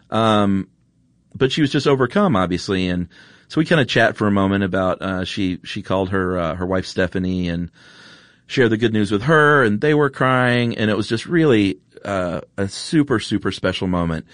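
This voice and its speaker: A man hosts a podcast, telling a story in an earnest, chatty way full of ums and uhs. His voice sits low, and it is recorded dry in a studio with no room echo. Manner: earnest, emotional, chatty with many fillers. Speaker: podcast host. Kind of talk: casual storytelling intro.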